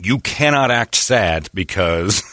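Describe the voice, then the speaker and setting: A man's voice: fairly low pitch, expressive, slow, sharp tone, dry recording, studio quality. A man hosting a podcast, telling rambling comedic stories with frequent laughs and asides. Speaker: podcast host. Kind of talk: casual comedic storytelling.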